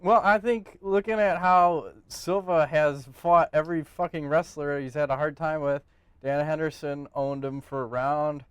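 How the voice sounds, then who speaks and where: A man co-hosting a podcast, talking fights in casual, profane, animated chat. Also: on the high side, normal speed, clean tone, dry recording. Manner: profane, animated, breaks into joking bits. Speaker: podcast co-host.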